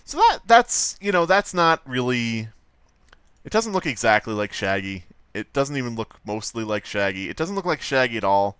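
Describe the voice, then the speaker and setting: Guy rambling on a livestream, swears a lot, mid-pitched voice, dry close sound. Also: very animated, normal speed, a bit bright, clear, resonant tone, no echo. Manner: rambling, joking, swears freely. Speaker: livestream host. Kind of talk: casual livestream chatter while drawing.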